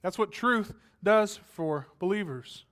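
A man's voice: high-pitched, expressive, slow, a bit bright. A man preaching a sermon as pastor, earnest and building to emphatic passages, with dry asides.

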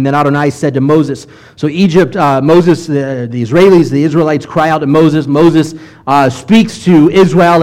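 A middle-aged man preaching a sermon as a rabbi, with animated delivery and sudden loud bursts of emphasis when voicing quoted lines. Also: fairly high pitch.

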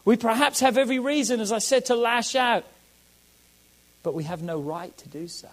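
A man preaching a sermon as a pastor, emphatic and repeating key phrases, swinging between loud declarations and soft asides. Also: extremely high pitch, moderate pace, poor audio.

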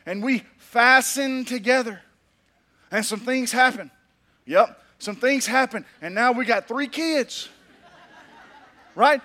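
High, bright-voiced preacher. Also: male voice, slow pace, pauses often. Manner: emphatic, repetitive, storytelling with humor. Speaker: pastor. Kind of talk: sermon.

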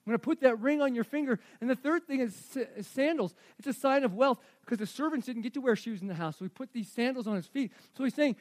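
A man in his forties, a pastor preaching a sermon, animated, swinging from hushed to loud. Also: very high voice, quick pace.

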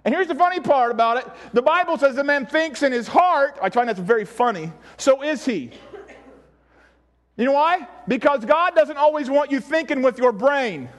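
A man preaching a sermon as pastor, animated, acting out voices and shouting at times for emphasis. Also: extremely high pitch, normal speed.

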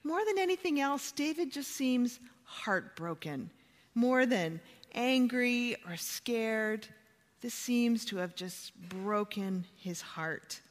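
A woman preaching a sermon, retelling a story with dramatic swings in pitch and volume. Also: expressive, slow pace. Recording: long hall reverb.

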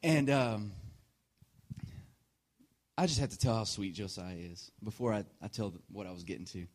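A man in his thirties preaching a sermon, telling a personal story with frequent laughs and sudden shifts from quiet asides to loud punchlines. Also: on the low side, moderate pace. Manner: animated storyteller, often laughing mid-sentence; swings between hushed asides and loud punchlines. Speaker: pastor.

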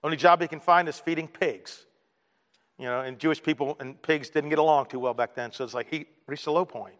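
A man preaching a sermon, telling stories in an animated way and dropping to a quiet voice for emphasis. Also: a little high, fairly quick, long reverb tail. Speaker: pastor.

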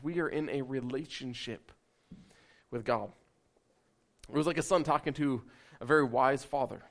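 Guy giving a sermon, kinda high voice, casual and lively, pokes fun at himself. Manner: conversational, animated, self-deprecating. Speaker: pastor.

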